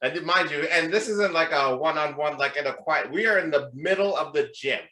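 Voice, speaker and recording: Animated swearing storyteller man, bright voice. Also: fairly high pitch, brisk, slight background noise. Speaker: podcast co-host. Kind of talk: casual chat, storytelling. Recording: echoey room.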